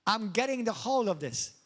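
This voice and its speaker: A middle-aged male pastor from Malta, preaching a lively sermon in a church and often questioning his congregation or slipping into mocking high voices. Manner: animated, swings into high mock voices and asks the congregation questions. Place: church hall.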